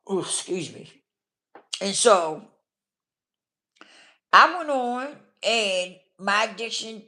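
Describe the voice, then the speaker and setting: Blunt, casual woman vlogger with animated pitch. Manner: blunt, casual, keeps checking in with the listener. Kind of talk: candid personal storytelling.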